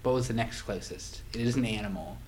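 A woman's voice: a bass voice, a little fast, a little mellow, slight background noise. A woman co-hosting a comedy podcast, chatting casually and teasing her co-host with quiz questions. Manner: teasing, playful quizzing.

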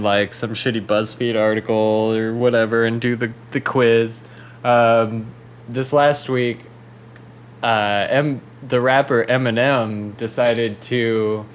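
Male podcast co-host, mid pitch, rambling casual talk, faint background noise. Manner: loose and rambling, full of fillers. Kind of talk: casual chat.

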